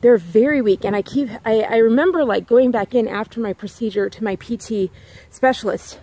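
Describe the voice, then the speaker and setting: A woman's voice: fairly high pitch, normal speed, mellow. A woman vlogger in a casual, rambling chat, talking outdoors near her home and repeating herself with lots of "like"s.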